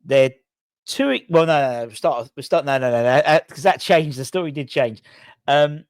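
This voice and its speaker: A man's voice: a little high, normal speed, clear, resonant tone, no echo. A man hosting a fan news channel, rambling and correcting himself as he thinks aloud. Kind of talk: casual news vlog.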